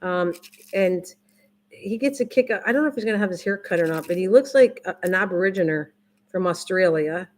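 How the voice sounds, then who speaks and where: Older female livestream host, casual rambling chat with viewers, slightly low-pitched. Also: brisk. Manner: rambling, repeats herself, restarts often.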